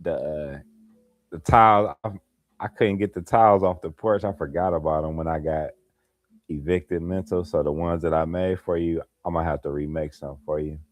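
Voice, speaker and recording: A man's voice: deep voice, fairly even intonation, normal speed, no room sound, faint music behind. A man hosting a late-night livestream, chatting casually with viewers by name and laughing often. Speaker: livestream host. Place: home at night, holding a light.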